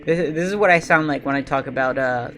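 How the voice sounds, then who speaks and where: Man, streamer, casual gameplay chat, mid-pitched voice, lots of ums, game music behind. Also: brisk, fairly bright tone. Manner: rambling, hesitant, lots of ums.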